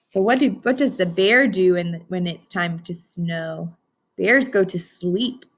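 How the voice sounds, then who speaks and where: A woman teacher reading a picture book aloud to children, stopping to ask them questions and gently explain. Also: on the low side, unhurried.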